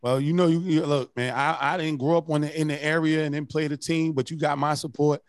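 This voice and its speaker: A man's voice: on the high side, fairly even intonation, a little fast, dry recording, studio quality. A man hosting a podcast, asking questions casually and encouraging his guest. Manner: supportive, brief affirmations. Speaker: podcast host. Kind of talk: casual interview.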